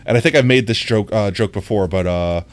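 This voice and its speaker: A man's voice: on the low side, fairly quick. A young American man chatting casually on a live stream, reading chat aloud, rambling and often laughing.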